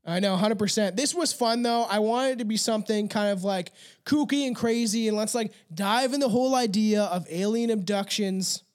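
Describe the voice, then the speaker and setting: A man's voice: high-pitched, normal speed, smooth. A man hosting a casual podcast, reading passages aloud and stumbling over long words, with a loose and profane way of talking. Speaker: podcast host.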